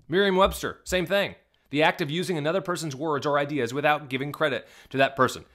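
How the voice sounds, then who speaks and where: A man's voice: a little high, steady tone, fast talker, fairly bright tone. A male pastor giving video reaction commentary, emphatic and indignant, firing rhetorical questions at his viewers. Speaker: Southern Baptist pastor.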